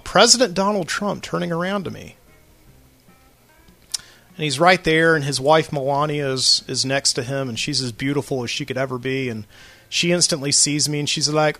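A podcast host talks alone in his studio, spinning a loose story full of filler words. His voice is bright and a touch high. The sound is dry, with faint music underneath. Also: moderate pace, long pauses, no room sound. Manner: rambling storyteller, lots of fillers. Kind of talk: late-night solo monologue.

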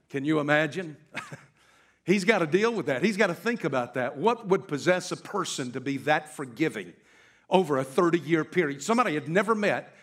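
A middle-aged male pastor telling a story in a sermon, slowing down and drawing out key words for emphasis. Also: a little high, fairly bright tone.

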